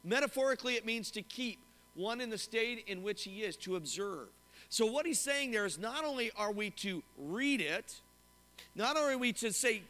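A man preaching a sermon as pastor to his congregation, animated and often asking them questions. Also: high voice, moderate pace. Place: church sanctuary. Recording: long hall reverb.

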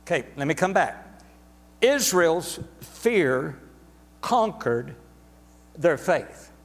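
A man's voice: fairly high pitch, sing-song, extremely slow, long reverb tail. A man preaching a sermon to a congregation, emphatic and repetitive, drawing words out for stress. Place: church sanctuary.

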